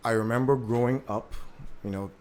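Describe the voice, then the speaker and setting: A man's voice: mid-range voice, steady tone, fairly quick, a little mellow. A man from Jamaica speaking as a panelist in a panel discussion, telling a story with energy and repeating words while he searches for them.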